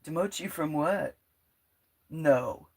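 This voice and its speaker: A woman with a croaky, frog-like voice hosting a casual livestream, rambling, laughing often and reading out her chat. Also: deep voice, slow pace. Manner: chatty, rambling, laughs often, drops to a near whisper at times. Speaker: livestream host.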